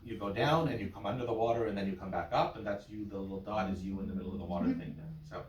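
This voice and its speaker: A man's voice: lowish voice, steady tone, very fast, dull audio, a little hiss or hum. A man working as a cantor, teaching a small class with playful memory tricks and short sung examples. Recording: roomy and from far off.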